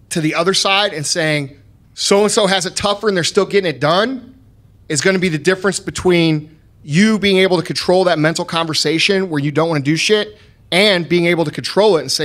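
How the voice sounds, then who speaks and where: A man's voice: sits high, brisk, fairly bright tone. A man hosting a podcast, talking in a blunt, profane and emphatic motivational way. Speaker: podcast host.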